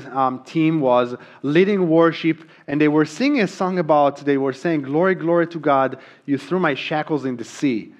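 The audio is dull as this medium-pitched, middle-aged pastor from Israel delivers a sermon. A native Hebrew speaker with an Israeli accent, he preaches earnestly, frequently restarting and filling gaps with ums.

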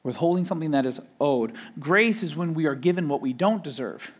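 A man giving a sermon as pastor, preaching emphatically, rising and louder on key phrases, then dropping soft, and often repeating words as he builds a point. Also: fairly high pitch, lively intonation, a little fast.

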